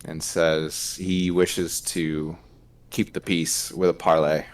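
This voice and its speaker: A man with a very low, smooth and clear voice narrates his character's actions at a tabletop game. He speaks slowly and hesitates often, with many fillers between phrases. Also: little pitch movement. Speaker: player voicing a knight. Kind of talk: tabletop role-play narration.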